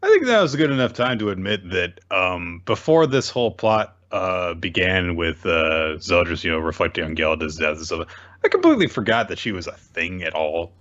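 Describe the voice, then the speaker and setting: A man's voice: low-pitched, big pitch swings, moderate pace, fairly bright tone, muffled recording. A young man co-hosting a casual comics recap in a laid-back, wry way. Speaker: podcast co-host.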